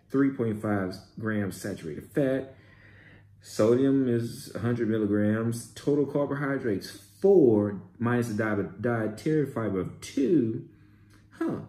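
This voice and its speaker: A man casually reviewing a shopping haul, excitable and exclaiming as he reads out labels. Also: lowish voice. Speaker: vlogger. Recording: echoey room with faint noise.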